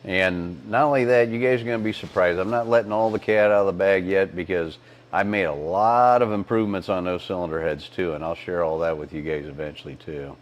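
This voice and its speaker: Low-voiced man in rambling shop talk. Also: brisk. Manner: rambling, with many fillers and throat clearing. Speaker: engine builder and podcast co-host. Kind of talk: casual technical shop talk. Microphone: lapel mic on collar.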